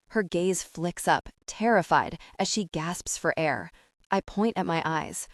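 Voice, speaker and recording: A young adult woman reading a first-person romance audiobook with a steady, calm and expressive delivery. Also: on the low side, unhurried, dry recording, studio quality. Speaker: audiobook narrator.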